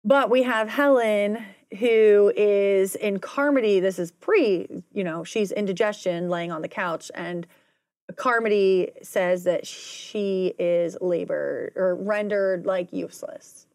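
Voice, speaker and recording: A woman's voice: mid-range voice, slow, darkish tone, no room sound, studio quality. A woman co-hosting a podcast, chatting casually and rambling through a recap with side notes and acted-out quotes. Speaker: podcast co-host.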